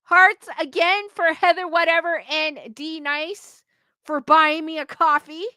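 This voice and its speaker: A woman's voice: very high-pitched, fairly even intonation, unhurried, bright, forceful tone, no room sound, studio quality. A young woman hosting a casual livestream, chatting and giggling as she reads out viewers' comments. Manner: chatty, giggly, quotes chat names aloud. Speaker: livestream host.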